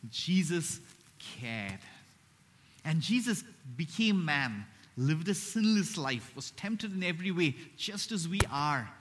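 An earnest male preacher with a slightly high voice delivers a sermon. He speeds through asides and then slows to a soft hush for his main points. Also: very animated. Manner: earnest, slows and drops to a hush on key phrases. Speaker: pastor.

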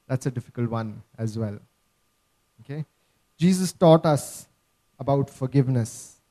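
A man's voice: mid-range voice, lively intonation, a little slow, warm tone. A man preaching a sermon, earnest and emphatic, often checking in with his listeners.

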